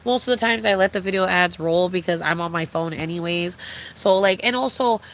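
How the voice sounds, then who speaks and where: A woman's voice: fairly low pitch, a little fast, a bit bright. A young woman streamer in casual chat, rambling and swearing with many fillers.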